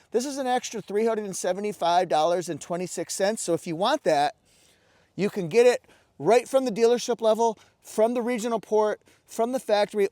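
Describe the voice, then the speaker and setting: A man's voice: high-pitched, darkish tone, dry recording. A man giving an enthusiastic, chatty car walkaround review outdoors, breaking into little exclamations.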